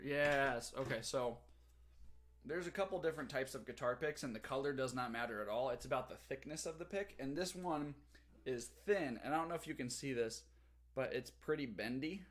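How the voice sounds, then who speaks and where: A young male teacher chats loosely with his students over a livestream from his home. He reads out their comments and keeps talking between bites of food, in an easygoing, unscripted way. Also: mid-range voice. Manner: chatty, reads chat aloud, talks while eating. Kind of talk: casual livestream chat.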